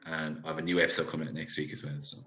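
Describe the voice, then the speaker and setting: An Irish man, a podcast guest, telling a story in casual chat with animated, laughing delivery. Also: extremely low pitch, racing. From Ireland.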